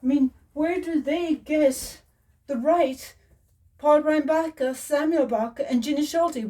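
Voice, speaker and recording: A woman's voice: high voice, takes it slowly, mellow, dry recording. A woman speaking a personal monologue to camera as a parent, upset and pleading, repeating herself.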